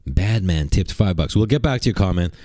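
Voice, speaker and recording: A man's voice: low-pitched, lively intonation, brisk, dark tone, no room sound. A man doing mocking livestream reaction commentary, rambling and sarcastic, repeating rhetorical questions.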